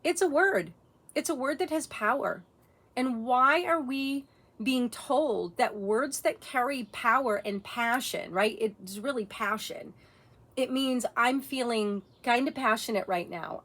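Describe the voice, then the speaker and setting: A woman's voice: a little high, a bit bright. A middle-aged woman vlogger talking in a blunt, profane, impassioned monologue rant.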